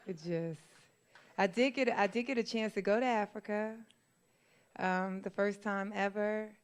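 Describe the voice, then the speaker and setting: Woman comic from New York, stand-up set, animated storytelling, laughs through her lines. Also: medium pitch, measured pace, long pauses, clean tone. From New York, USA. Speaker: comedian. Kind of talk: stand-up comedy. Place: live show in a church venue.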